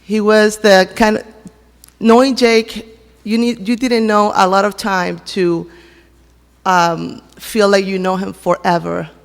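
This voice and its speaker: A woman's voice: medium pitch, little pitch movement, creaky. Woman w sharing a heartfelt church testimony, lots of restarts, big echoey church. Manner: halting, heartfelt, many restarts. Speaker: church member giving a tribute. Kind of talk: personal testimony at a memorial service. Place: church sanctuary.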